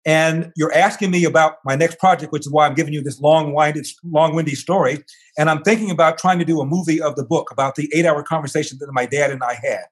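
An older man, the guest in an interview, tells a long personal story with lively energy. He acts out what the people in it say, and his voice sits a little higher than most men's. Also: quick pace.

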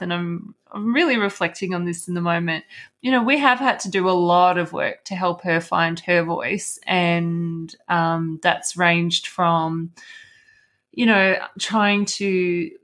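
A woman's voice: fairly low pitch, steady tone, a little slow, fairly bright tone. A woman co-hosting a casual parenting chat, talkative and laughing often. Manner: chatty, laughs often, acts out her child's words. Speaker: podcast co-host.

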